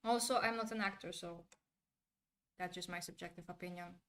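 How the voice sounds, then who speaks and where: A woman's voice: on the low side, moderate pace. Candid woman sharing TV opinions. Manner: candid, animated when imitating actors. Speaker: commentator. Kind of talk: casual opinion monologue.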